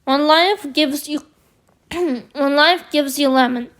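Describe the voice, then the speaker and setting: Girl with a high voice, slow draggy storytime, kinda hoarse, lots of like and guys. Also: fairly bright tone. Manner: rambling, filler-heavy, addresses viewers as guys. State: hoarse from screaming. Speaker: vlogger. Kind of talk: storytime chat.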